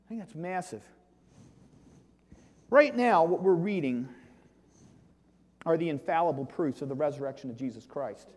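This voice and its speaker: A male pastor delivers an emphatic sermon in a high, bright-edged voice. He rises to loud exclamations and drops to quiet, almost hushed asides. The sound rings with the long reverb of a church sanctuary. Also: lively intonation, normal speed, pauses often.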